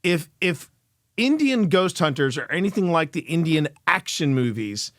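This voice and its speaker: Animated, high-voiced podcast host. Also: male voice, moderate pace, no echo, clean studio sound. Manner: animated, laughing, stumbling restarts. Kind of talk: casual reaction commentary.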